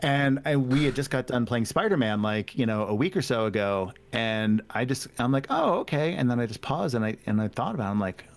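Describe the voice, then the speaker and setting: A man speaks as a guest on a casual podcast, his voice sitting at an ordinary middle pitch. He talks openly and reflectively, slipping into quoted dialogue with playful voices and laughing often. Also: a little fast, few pauses. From United States. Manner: candid, self-reflective storyteller who acts out quoted dialogue and laughs often. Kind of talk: casual chat.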